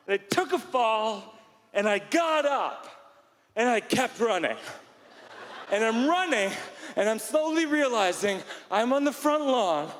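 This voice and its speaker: A man telling a stand-up story in a rambling, self-mocking way, now and then bursting into shouts, on a theater stage. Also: extremely high pitch. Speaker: stand-up comedian. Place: large theater stage before a live audience. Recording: live hall recording with faint room noise.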